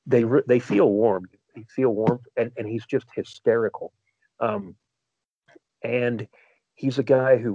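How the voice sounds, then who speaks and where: A man's voice: lowish voice, darkish tone, slightly rough, no room sound. Man, podcast co-host, casual rambling chat, dry close sound, dull lo-fi audio. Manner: rambling, restarts often, reminiscing.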